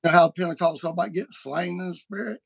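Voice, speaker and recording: A man hosts a casual podcast, telling stories in an animated, folksy way. His voice sits fairly high and has a gravelly edge. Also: fast talker. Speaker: podcast host. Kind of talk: casual chat.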